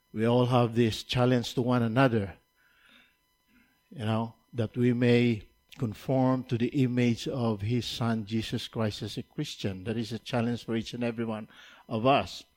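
A man preaching a sermon, who repeats key points and builds from quiet, measured teaching to raised, emphatic preaching. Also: mid-range voice.

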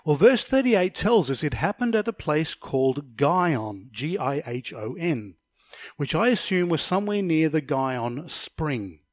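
A man's voice: fairly high pitch, expressive, a little slow, dry recording, clean studio sound. Man teaching a Bible study lesson. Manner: explanatory, with slide references and occasional stumbles.

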